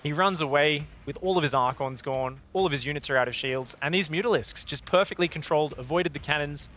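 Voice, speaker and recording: Bright Australian man breaking down replays. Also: a little high, a little fast, faint music behind. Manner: explanatory, walks through replay. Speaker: esports analyst. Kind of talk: analysis desk commentary.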